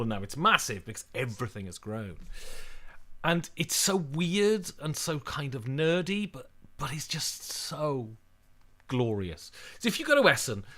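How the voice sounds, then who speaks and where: A middle-aged English man hosting a livestream, chatting casually and telling lively stories while answering viewer questions. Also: medium pitch. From England. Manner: chatty, animated storytelling, reads viewer questions aloud. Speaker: livestream host.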